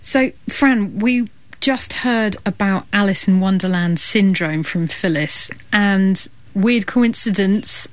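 A woman's voice: medium pitch, takes it slowly, no echo. A woman hosting a radio science show, introducing segments and asking curious questions. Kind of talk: radio presenting and interviewing.

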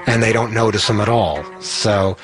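Wry low-voiced man telling a story. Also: moderate pace, a bit bright, soft background music. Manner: wry, self-mocking, acts out quoted voices. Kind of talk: live personal storytelling.

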